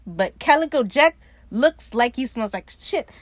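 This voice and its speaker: A woman's voice: a little high, animated, unhurried, no echo. Chatty woman with a dry, close sound. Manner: chatty, swears freely, laughs often. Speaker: podcast host recapping a TV episode. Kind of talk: casual, profane episode recap.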